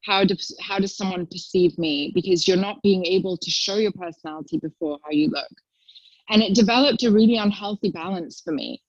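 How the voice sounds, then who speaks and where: Brief: young woman, animated storyteller, dry and slightly dull recording. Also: a little fast, no echo. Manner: chatty storyteller, acts out quotes in a high voice. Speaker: guest. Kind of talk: casual chat.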